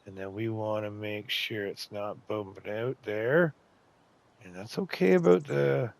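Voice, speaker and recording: A man hosting a casual game tutorial, chatting to himself and getting excited as he builds. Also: fairly low pitch, measured pace, gravelly. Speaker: gaming channel host.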